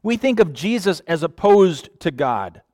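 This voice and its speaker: A man preaching a sermon, animated, sometimes acting out quoted voices. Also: high voice, a little slow, no room sound, clean studio sound. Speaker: pastor.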